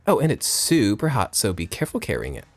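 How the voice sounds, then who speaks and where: Guy doing a peppy cafe lady from a game, sales pitch voice, up and down. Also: wildly swooping pitch, fast. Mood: chirpy. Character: chirpy woman running a hot dog cafe.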